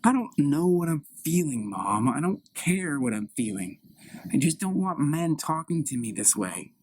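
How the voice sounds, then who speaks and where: A man's voice: a little high, sing-song, moderate pace, a little hiss or hum, rough recording. A man improvising an anxious young woman complaining to her mother. She halts and repeats herself in a plaintive way. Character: anxious young woman, insecure and aggrieved daughter. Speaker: improv performer. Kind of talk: solo improv scene.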